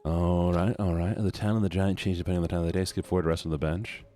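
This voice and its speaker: A male streamer giving excitable, casual commentary on a game, swearing and laughing as he goes. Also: sits low, fast.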